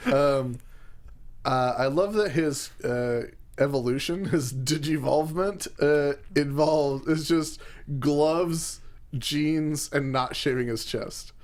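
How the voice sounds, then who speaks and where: A man co-hosting a wrestling show, chatting casually and joking around with quick impressions. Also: fairly high pitch. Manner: joking, slips into silly impressions. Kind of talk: casual podcast banter.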